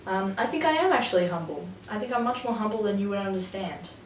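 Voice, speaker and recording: A woman's voice: mid-range voice, animated, fast talker, a little hiss or hum. Wry Australian woman, echoey and distant. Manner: chatty, wry, swears freely. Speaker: host of a quiz video. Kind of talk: casual quiz commentary. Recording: echoey room, mic set back.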